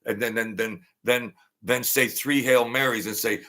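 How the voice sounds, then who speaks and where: A man's voice: mid-range voice, fairly even intonation, moderate pace. A middle-aged man hosting a livestream, talking bluntly and mockingly while reacting to chat, repeating himself and ranting. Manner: blunt, mocking, repetitive, rants loudly then laughs. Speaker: channel host. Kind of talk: livestream commentary reading chat.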